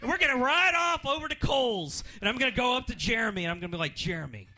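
A man doing a rambling stand-up set at an open mic in a comedy club, jumping up in pitch for his punchlines. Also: quick pace, sharp tone. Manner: rambling, jumps in pitch for punchlines and put-on voices.

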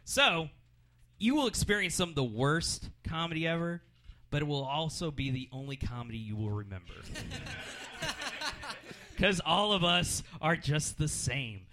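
A man doing a rambling stand-up set at an open mic in a comedy club, jumping up in pitch for his punchlines. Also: animated, unhurried, sharp tone, slight background noise. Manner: rambling, jumps in pitch for punchlines and put-on voices.

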